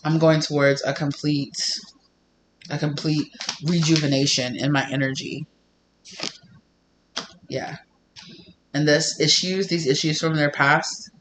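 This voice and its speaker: Guy doing a tarot reading, kinda high voice, animated and swears a lot, slight hiss behind. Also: normal speed. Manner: animated, emphatic, swears freely, lots of fillers. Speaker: tarot reader. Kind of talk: casual channeled reading.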